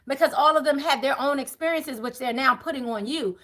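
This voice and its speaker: Blunt, high-voiced woman talking to viewers. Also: moderate pace, few pauses, bright, forceful tone. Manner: blunt, profane, laughing often. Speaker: tarot reader. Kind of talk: animated monologue to viewers.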